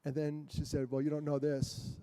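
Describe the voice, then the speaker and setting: A man speaking as a guest at a church, telling his story in an animated, self-mocking way. His voice is a touch high and mellow. It rings with long reverb from the hall. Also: moderate pace. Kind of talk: storytelling talk to a church audience.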